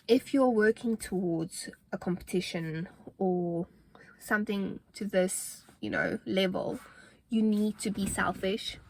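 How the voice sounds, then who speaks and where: A young woman talks straight to her viewers in a relaxed vlog, her voice sitting in a mid range. She is earnest and motivational, with plenty of fillers and restarts, and a little out of breath as she goes. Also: medium pitch. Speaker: fitness vlogger. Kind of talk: casual talking-to-camera vlog.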